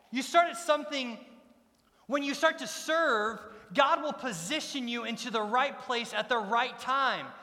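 Preaching in a church sanctuary, a middle-aged male pastor has an extremely high-pitched, bright voice with a forceful tone. He delivers his sermon emphatically, repeating key lines, with the long reverb of a large church hall around him.

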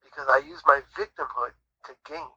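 A man's voice: medium pitch, normal speed, sharp tone, husky. A man giving his faith testimony as an interview guest, in an earnest, preacherly storytelling manner, on muffled audio. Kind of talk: conversational Christian testimony.

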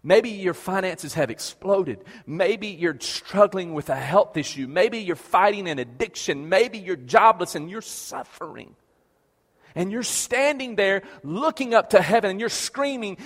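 A man's voice: high-pitched, animated, measured pace, fairly bright tone, long reverb tail. A man preaching a passionate sermon as pastor, repeating questions and stammering through restarts.

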